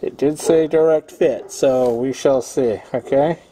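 A man's voice: medium pitch, a little slow, dark tone, slight background noise. Chatty self-mocking man fixing a car. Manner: chatty, self-deprecating, talks to viewers while working. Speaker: homesteading channel host. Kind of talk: casual DIY repair tutorial. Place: home garage beside a car.

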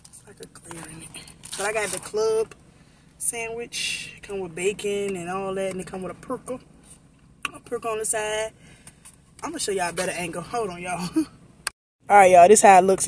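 A woman's voice: medium pitch, a little mellow, a little hiss or hum. A woman vlogging into her phone while she waits outside, chatting casually and bluntly with her viewers and swearing freely. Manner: talks straight to viewers as y'all. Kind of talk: casual vlog chat.

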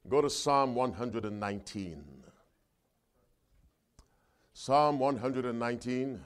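A man preaching a sermon, reading scripture aloud with his congregation and calling for responses, loud and emphatic on the verses and quieter between them. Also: medium pitch, takes it slowly, long pauses, clear, resonant tone.

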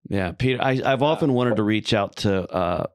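A man's voice: fairly low pitch, moderate pace, darkish tone, smooth, no echo, clean studio sound. A man hosting a podcast, chatting in a laid-back way and sharing his own stories. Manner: laid-back, drops in expletives. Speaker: podcast host. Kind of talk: casual chat.

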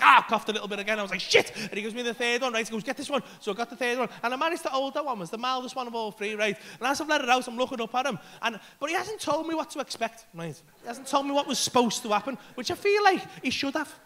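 A man telling an animated, sweary story as a stand-up comedian on a club stage, acting out other people's voices and his own panic. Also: sits high. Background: audience laughter.

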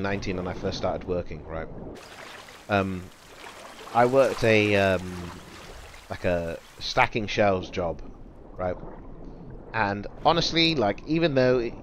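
A man's voice: fairly low pitch, unhurried, a little hiss or hum. A young man livestreaming, chatting casually and rambling to his viewers in loose slang. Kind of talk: casual chat to stream viewers.

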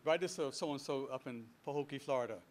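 A man voicing a proud, illiterate older man who talks in a gruff, commanding way. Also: medium pitch, a little fast, a little mellow, natural voice. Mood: dictating.

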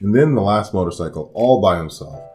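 Man reading a children's story, low voice, lively pitch, soft guitar underneath. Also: fairly quick. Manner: lively voices for each character. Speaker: storybook reader. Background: soft guitar music.

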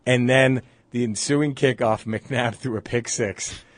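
A man, a comedian guest on a sports radio show, telling a story in an animated way and loudly mimicking rowdy fans, recorded on a close studio mic. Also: medium pitch, slow pace, no echo. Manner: excitable, shouts when quoting hostile fans.

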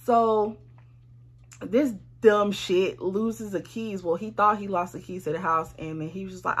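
Young woman, husky voice, casual storytime, blunt and animated, swears a lot. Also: medium pitch, normal speed. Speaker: vlogger.

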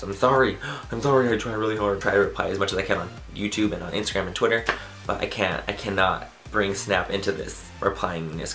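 A man's voice: lowish voice, fairly bright tone. A man chatting as a beauty vlogger in a casual outro and bloopers, bubbly and rambling, mocking himself and swearing offhandedly.

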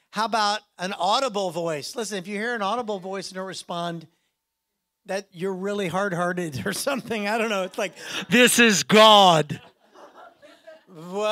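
Bright, lively-voiced male preacher. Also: sits high. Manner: playful, self-mocking, acts out quoted voices. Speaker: pastor. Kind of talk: sermon.

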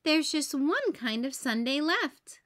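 A woman's voice: sits high, big pitch swings, slow, a bit bright, pitched above the performer's own voice, exaggerated voice. A woman voicing a bossy, practical young girl who gives instructions in a matter-of-fact way.

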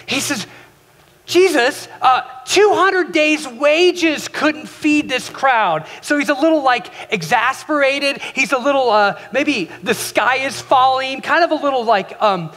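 Male pastor, high voice, animated storytelling sermon; echoey sanctuary. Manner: animated storyteller acting out quoted lines. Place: church sanctuary. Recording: echoey hall reverb.

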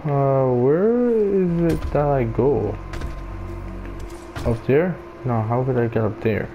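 A young man commenting on his own gameplay, mocking himself and swearing, with loud outbursts between slow muttering. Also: mid-range voice, dull audio, a little hiss or hum. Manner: self-mocking, swears often, bursts into loud shouts. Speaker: let's player.

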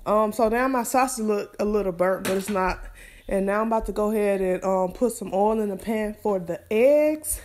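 A young woman who chats casually to her viewers while cooking at home, relaxed and full of fillers. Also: mid-range voice, unhurried, a little hiss or hum. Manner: chatty, relaxed, many fillers, speaks straight to viewers. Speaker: vlogger and mother. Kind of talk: casual cooking vlog chat. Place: home kitchen, indoors.

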